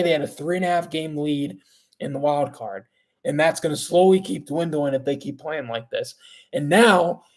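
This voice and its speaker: A young man hosting a fan podcast, ranting in frustration with many stammered restarts and repeated phrases. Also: a little high. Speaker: podcast host. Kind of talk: angry fan rant.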